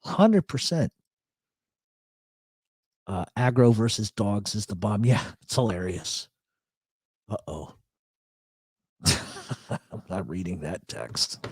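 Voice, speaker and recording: A man's voice: fairly low pitch, animated, takes it slowly, pauses often, darkish tone, slightly rough, dry recording, studio quality. A man hosting a casual live talk show, reading out chat comments in a rambling, blunt way with plenty of swearing and emphatic repetition. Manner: emphatic agreement, repeats himself. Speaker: radio show host.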